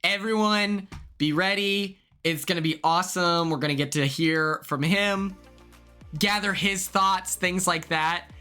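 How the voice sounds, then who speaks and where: Young male streamer, chatty, excitable, bright tone. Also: high voice, measured pace, smooth, soft background music. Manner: chatty and excitable, laughing often. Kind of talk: casual chat stream.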